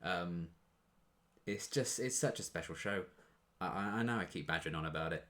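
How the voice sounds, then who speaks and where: A man's voice: deep voice, moderate pace, fairly bright tone. A young man chatting casually in a reaction video, rambling and gushing with restarts and fillers.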